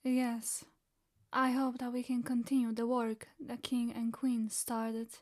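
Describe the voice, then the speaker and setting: A woman voicing an earnest, serious young elf woman in flat, measured audiobook dialogue. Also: fairly high pitch.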